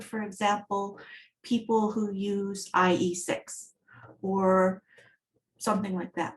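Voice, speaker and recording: A woman's voice: mid-range voice, fairly even intonation, measured pace, slight background noise. A woman giving an accessibility talk at a design meetup, speaking in a conversational, storytelling manner. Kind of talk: conference talk.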